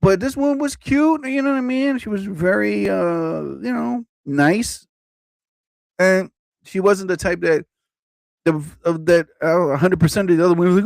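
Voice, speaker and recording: A man's voice: sits high, normal speed, creaky, darkish tone, dry recording. A man hosting a live stream, ranting in a rambling, profane way and often repeating himself. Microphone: own desk mic.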